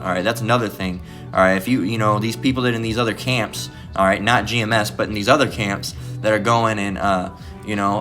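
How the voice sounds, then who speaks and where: A man's voice: mid-range voice, a bit bright. A man giving an informal bible teaching, rambling with restarts and tagging lines with "all right?". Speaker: preacher.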